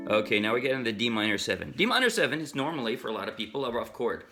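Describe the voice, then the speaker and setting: A man teaching a ukulele song in a relaxed, chatty way, breaking off now and then to sing a line. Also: medium pitch, very fast, loud music behind the voice. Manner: chatty, self-interrupting, sings snatches while strumming. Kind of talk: casual music tutorial. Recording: ukulele strumming under the voice. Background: ukulele playing.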